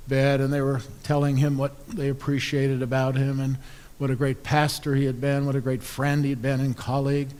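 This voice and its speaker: A man's voice: mid-range voice, darkish tone. A man, an Episcopal priest, preaching a sermon in a conversational, wry storytelling way.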